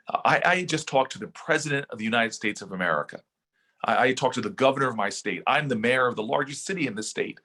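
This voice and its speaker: A middle-aged man, a senator, giving an oratorical motivational speech that slows for emphasis and then speeds up. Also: mid-range voice, lively intonation, sharp tone. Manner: oratorical, shifts between slow emphatic phrases and quick runs. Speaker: senator and keynote speaker.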